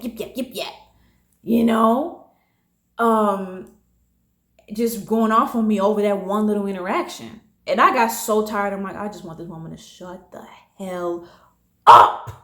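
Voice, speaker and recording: A woman in her late twenties, casually telling a personal story, animated and acting out what others said. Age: late 20s. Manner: animated, acting out quotes with big pitch jumps. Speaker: storytime vlogger. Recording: echoey room.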